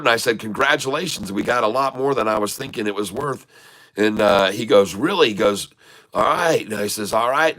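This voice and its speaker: A middle-aged man spins a rambling, casual anecdote, slipping into the voices of the people he quotes. His voice is bright and forward, sitting at an ordinary pitch for a man. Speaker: trading channel host. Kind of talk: casual storytelling.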